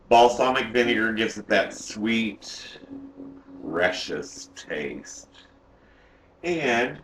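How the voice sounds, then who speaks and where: A man's voice: lowish voice, a bit bright, echoey room, a little hiss or hum. A man playing a sassy, campy woman home cook who hosts a comic cooking show from a home kitchen and teases the audience as she goes. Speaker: cooking show host character.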